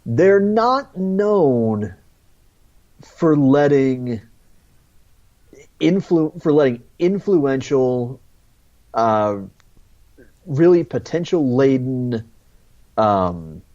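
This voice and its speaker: A man co-hosting a podcast, speaking in a wry, measured way in casual chat. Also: medium pitch, expressive, a little mellow, dull audio. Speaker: podcast co-host.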